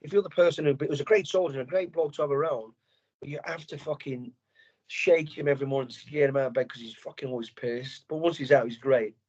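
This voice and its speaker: A fast, mid-range male voice comes through with the highs cut off. The speaker, a middle-aged English veteran of the army, is a podcast guest chatting casually, blunt and profane as he tells his stories with energy.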